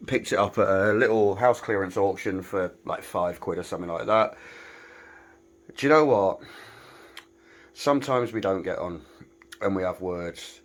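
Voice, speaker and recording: A man's voice: deep voice, moderate pace, long pauses. Wry British man touring his workshop. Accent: British English. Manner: chatty, self-mocking, wry humor. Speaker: woodworking maker giving a shop tour. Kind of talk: casual vlog walkthrough. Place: small garage workshop.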